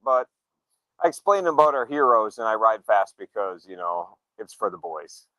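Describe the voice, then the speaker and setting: A man in casual chat telling a story, acting out the quoted dialogue in a relaxed way. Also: lowish voice, moderate pace, no room sound, poor audio. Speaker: show regular, motorcyclist.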